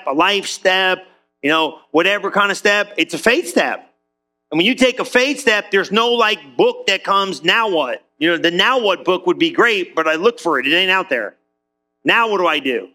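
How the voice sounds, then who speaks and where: A middle-aged man preaching a sermon as pastor, conversational and animated, acting out quotes in little voices. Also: high-pitched, moderate pace.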